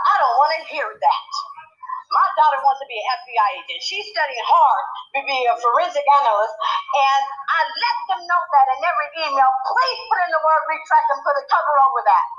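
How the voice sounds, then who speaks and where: A woman airs a grievance on behalf of her daughter, upset and near tears, swearing and breaking into shouts. Her voice sits high and leaps all over. The sound is thin and phone-like. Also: lively intonation, a little fast. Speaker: mother of an employee. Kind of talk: angry personal complaint.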